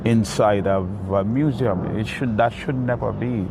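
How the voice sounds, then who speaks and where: A man's voice: fairly low pitch, a little slow, creaky, background noise. A man with a Jamaican accent, an interview guest telling stories outdoors in a reflective way. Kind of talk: storytelling interview answers.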